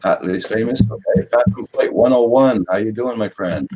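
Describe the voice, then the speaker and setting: A man's voice: lowish voice, moderate pace, dark tone. A man hosting a casual live chat, welcoming guests and reading out names from the chat. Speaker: host.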